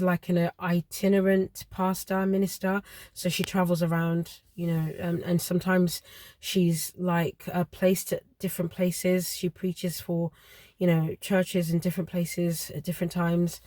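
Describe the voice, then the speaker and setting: A woman's voice: fairly low pitch, darkish tone, no echo. Earnest woman telling a personal story. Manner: earnest, emotional retelling with pauses.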